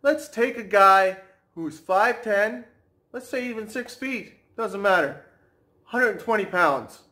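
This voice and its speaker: A man ranting to camera as a fitness vlogger, brash and mocking, slowing right down to stress his points. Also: high-pitched, expressive, sharp tone. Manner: brash, mocking, slows down for emphasis.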